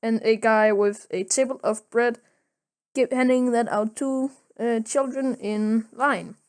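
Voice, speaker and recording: A woman podcast host recounting a comic book story at an unhurried pace, full of fillers and restarts as she corrects herself. Her voice sits fairly high for a woman. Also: steady tone. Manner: rambling, many fillers and self-corrections. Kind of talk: casual comic retelling.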